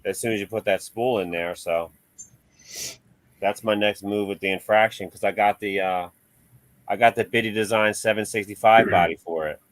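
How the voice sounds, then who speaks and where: A man's voice: on the low side, fairly even intonation, moderate pace, dry recording. A man in casual chat about remote-control cars, laid-back and chatty, laughing often.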